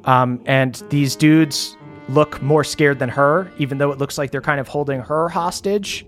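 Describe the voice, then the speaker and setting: A man's voice: on the high side, fairly even intonation, unhurried, soft background music. A man narrating a tabletop game as game master in a casual way, full of fillers.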